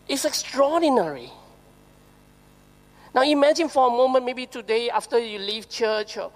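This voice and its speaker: A woman with a Singaporean English accent preaches a sermon in a fairly high voice, asking her listeners rhetorical questions. She slows down to read scripture aloud. Her words ring out with the long reverb of a church hall. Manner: lively storytelling with rhetorical questions, reads scripture slowly.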